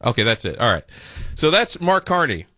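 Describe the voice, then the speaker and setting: A man's voice: mid-range voice, very animated, a little fast, a loud crowd, heavy background noise. A male radio host giving sarcastic, mocking running commentary over played clips. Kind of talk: comedic talk radio commentary.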